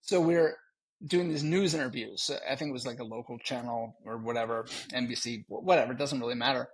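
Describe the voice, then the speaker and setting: A man co-hosting a podcast, telling a story in animated casual chat and laughing often. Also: mid-range voice, quick pace, husky. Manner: animated, laughing, slips into joking voices. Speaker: podcast co-host.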